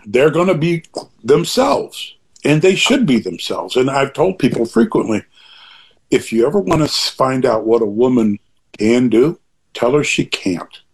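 A man's voice: mid-range voice, sing-song, a little slow, slightly rough. An older man talking in a casual interview, rambling through asides and restarts while making emphatic, opinionated points. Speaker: interview guest.

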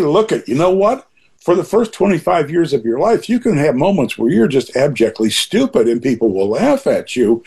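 Husky-voiced older man, rambling and emphatic. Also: on the high side, darkish tone. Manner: rambling, with frequent asides and restarts; emphatic and opinionated. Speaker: interview guest. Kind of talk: casual conversational interview.

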